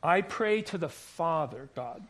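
A man's voice: on the high side, animated, unhurried, a bit bright. A man preaching a sermon, emphatic and repetitive, asking rhetorical questions and sometimes restarting his words. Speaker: pastor.

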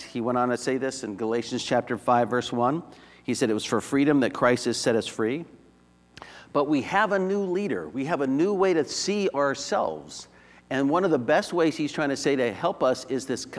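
Man preaching in a reverberant hall. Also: mid-range voice. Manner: conversational teaching with rhetorical questions. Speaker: pastor. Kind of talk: sermon.

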